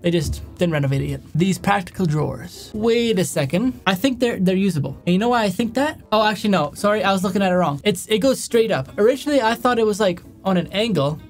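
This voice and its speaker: A man's voice: high voice, animated, fast talker, few pauses, soft background music. A young man doing casual reaction commentary, rambling and correcting himself as he goes, often chuckling. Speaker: YouTube commentator.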